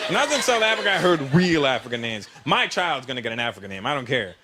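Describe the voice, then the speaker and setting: Animated stand-up comedian man. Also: mid-range voice, fast, heavy background noise. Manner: animated, storytelling with voices. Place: comedy stage before a large audience. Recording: live show with loud audience laughter.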